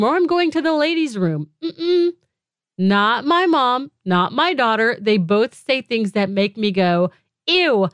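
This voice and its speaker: A middle-aged woman hosting her own podcast, talking in a frank, chatty way with animated, mock-disgusted asides, recorded close to a studio mic. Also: fairly high pitch, no echo. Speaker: podcast host. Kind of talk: casual solo podcast talk.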